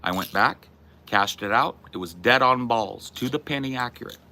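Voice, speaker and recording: A man's voice: medium pitch, normal speed, creaky, bright, forceful tone. A man hosting a casual chat with viewers, talking in a blunt, profane and emphatic way. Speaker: streamer host.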